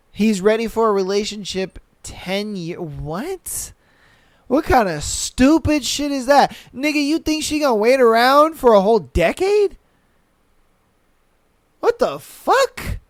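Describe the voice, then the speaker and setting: High, crisp-voiced man ranting. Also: no echo, studio quality. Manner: profane, animated, blunt commentary. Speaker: podcast host. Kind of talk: reading listener stories and reacting.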